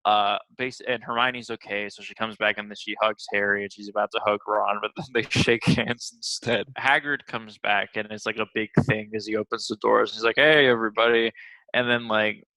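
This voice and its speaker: A young man hosting a casual movie review chat, rambling with lots of fillers and quick laughs. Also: lowish voice, level tone, pushed and bright, no echo, poor audio. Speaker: movie review podcast host.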